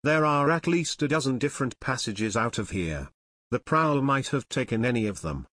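A man reading an audiobook voices a calm, decisive teenage boy who leads his friends. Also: mid-range voice, moderate pace, no echo. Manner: decisive, level.

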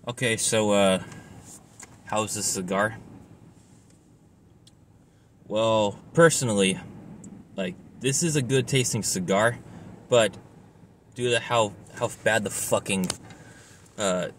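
A man talks in a casual vlog with a very low voice. He sounds tired and stressed, rambling and apologizing, with fillers and restarts. A faint hiss of noise sits under his voice. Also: slow pace, long pauses. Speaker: cigar reviewer.

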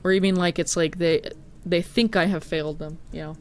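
A man's voice: fairly high pitch, steady tone, brisk. Rambling, laughing game streamer, a man. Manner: rambling, many "like" fillers, frequent swearing, laughs easily. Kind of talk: casual gameplay commentary, chatting with viewers.

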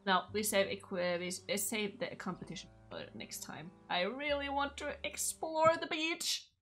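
A woman's voice: mid-range voice, normal speed, fairly bright tone, faint music behind. A young woman from Norway, chatting casually through her gameplay, gushing and talking to her horse. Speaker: gaming channel host.

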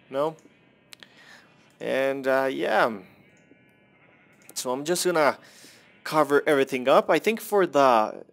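A man's voice: medium pitch, a bit bright. A young man casually commenting on his own gameplay, rambling, self-deprecating and swearing at the game.

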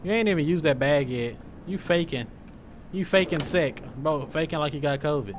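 A young man giving joking, loud let's-play commentary, full of slang as he reacts to the game. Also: on the high side, moderate pace, background noise. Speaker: gaming streamer.

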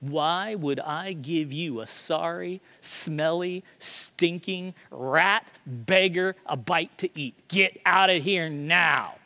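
A man's voice: on the high side, slow pace, vocal fry, hardly any pauses, pushed and bright, full character voice. A pastor voicing a hard-hearted woman who scolds a beggar at a pub door, harsh and spitting insults. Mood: venomous.

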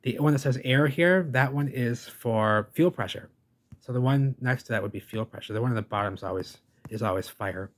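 A man's voice: medium pitch, fairly quick. A man giving casual, rambling reaction commentary on a video, enthusiastic and chatty, calling listeners "folks" and "baby".

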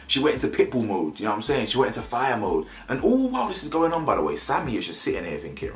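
A young man, recapping a reality show episode in casual, animated, slang-heavy banter with mocking impressions. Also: medium pitch, fast talker, hardly any pauses, reverberant, soft background music.

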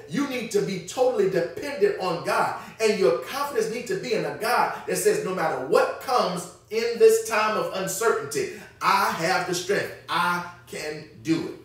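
A man preaching an emphatic, repetitive Bible study to his congregation, calling on them to answer back. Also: sits high. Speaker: pastor teaching a midweek Bible study. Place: church sanctuary. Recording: echoey church hall, mic at a distance.

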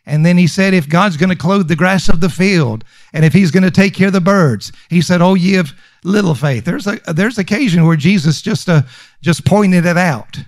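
The sermon comes from a pastor with a high-pitched voice and a moderate pace. He's emphatic but conversational, leaning on repeated lines, fillers and restarts, with no room sound in the recording.

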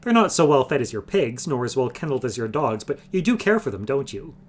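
A man reading aloud, voicing a sarcastic, quick-witted male thief. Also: mid-range voice, expressive, pitched above the performer's own voice, close to an everyday voice. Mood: mocking.

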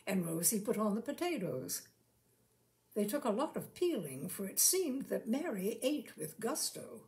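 Woman narrator for a short-story reading; slow, measured, even-toned delivery. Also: mid-range voice. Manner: slow, measured delivery, lifting her voice for quoted lines. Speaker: storyteller reading fiction aloud. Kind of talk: unhurried literary reading with acted dialogue.

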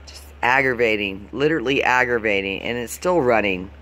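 A man's voice: medium pitch, normal speed, bright, forceful tone. A man from Florida ranting to the camera, swearing constantly and sounding fed up as he complains. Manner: profane, exasperated, heated complaining. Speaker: vlogger. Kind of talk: angry venting rant to camera.

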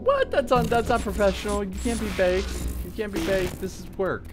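A man hosting a gaming channel, giving let's-play commentary on a game he is playing. He gets excited easily, yelps, and laughs at what happens on screen. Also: high-pitched, fairly quick. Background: game music and sounds.

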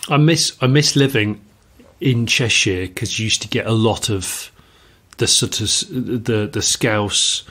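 Husky-voiced man in casual podcast chat. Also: on the low side, unhurried, a bit bright. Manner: musing, rambling with restarts. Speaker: podcast co-host.

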